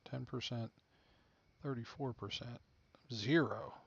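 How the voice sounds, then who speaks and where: A laid-back man thinks out loud as he plays a game, half muttering his plans. His voice sits at an ordinary middle pitch. The recording sounds a little dull and muffled. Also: takes it slowly, vocal fry, slight background noise. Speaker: game streamer. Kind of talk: casual gameplay commentary.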